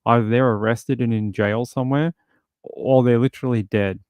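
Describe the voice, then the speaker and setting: A man's voice: mid-range voice, steady tone, moderate pace, darkish tone, no echo. A man hosting a casual livestream, greeting viewers by name and chatting loosely with lots of fillers. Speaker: host.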